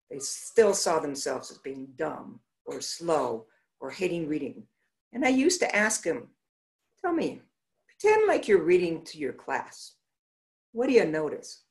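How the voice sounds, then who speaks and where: A middle-aged woman optometrist giving a conference talk, telling patient stories and acting out the dialogue. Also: fairly low pitch. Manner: animated, acts out patients' dialogue.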